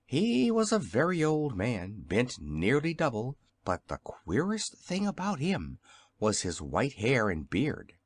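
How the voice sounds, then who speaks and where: A man narrating a classic children's storybook as an audiobook, in an expressive storytelling manner. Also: mid-range voice, slow, breathy edge, no room sound, studio quality. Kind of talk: scripted narration.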